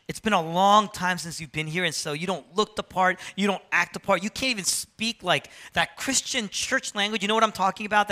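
A man preaching a sermon to a congregation, animated, swinging between loud emphatic lines and low, quiet asides. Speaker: pastor.

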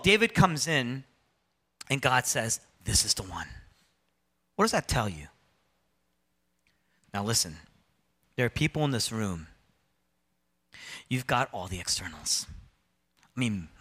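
A man preaching a sermon to a congregation, animated, swinging between loud emphatic lines and low, quiet asides. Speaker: pastor.

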